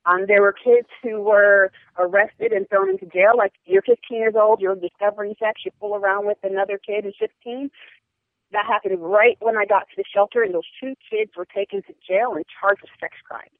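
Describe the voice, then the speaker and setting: A woman's voice: mid-range voice, fairly quick, no room sound. Young woman on a tinny phone line. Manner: earnest, frank, many fillers like "like" and "um". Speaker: podcast guest. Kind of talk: personal storytelling interview. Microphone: phone or call line.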